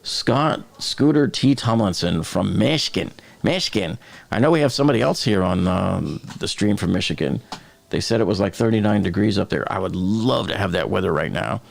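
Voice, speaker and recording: A man's voice: low voice, expressive, brisk, creaky. A man from the Boston area hosting a live stream, chatting casually, joking and reading viewer comments aloud.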